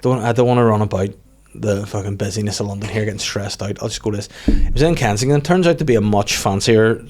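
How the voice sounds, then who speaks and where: A man with a Northern Irish accent, a stand-up comedian telling profane, animated stories in casual podcast chat. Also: lowish voice, background noise. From Northern Ireland. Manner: rapid, profane, animated anecdotes.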